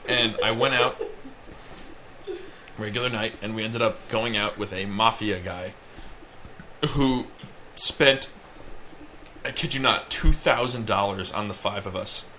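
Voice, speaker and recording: A man's voice: fairly low pitch, unhurried, pauses often, pushed and bright, a little hiss or hum. A young man co-hosting a podcast, telling a long rambling story in casual chat. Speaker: podcast co-host.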